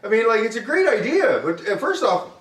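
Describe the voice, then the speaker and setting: A man's voice: very high voice, sing-song, a little fast, fairly bright tone. A man co-hosting a podcast at a home dinner table, ranting in mock indignation with stumbling restarts. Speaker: podcast co-host. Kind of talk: casual banter over dinner. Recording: echoey room, distant mic.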